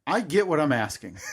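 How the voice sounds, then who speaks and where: A man co-hosts a laid-back podcast, ribbing his friend with dry, deadpan jokes. His voice sits a little higher than most men's. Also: breathy edge. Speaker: podcast co-host. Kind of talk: casual chat.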